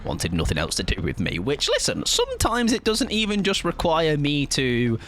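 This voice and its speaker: A man's voice: fairly high pitch, wildly swooping pitch, moderate pace, fairly bright tone, slight background noise. A young man streaming a game live, chatting to viewers in a playful, rambling, jokey way. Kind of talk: casual live-stream chat while gaming.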